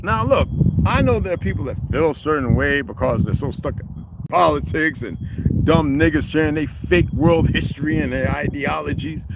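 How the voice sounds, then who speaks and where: Animated profane man, noisy outdoors. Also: on the high side. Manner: profane, animated, laughs often. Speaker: livestreamer reading chat. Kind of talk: casual rambling monologue. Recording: loud outdoor background noise.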